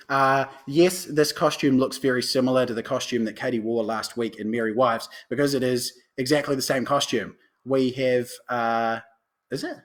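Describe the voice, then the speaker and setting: A man answering viewers' questions on a live stream from home. His voice sits at a middle pitch. He talks in a loose, chatty way with plenty of fillers. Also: fairly bright tone. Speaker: actor.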